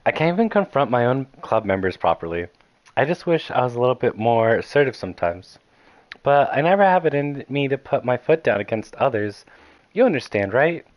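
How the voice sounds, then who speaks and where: Man voicing a soft-spoken club president girl. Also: mid-range voice, very animated, a little fast, no room sound, muffled recording, close to an everyday voice. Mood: gentle. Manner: soft, apologetic and soothing. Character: gentle indecisive young female club president.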